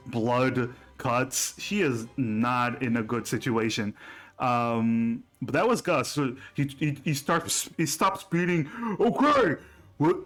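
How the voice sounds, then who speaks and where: A man's voice: medium pitch, fairly bright tone. A man narrating a tabletop game as game master.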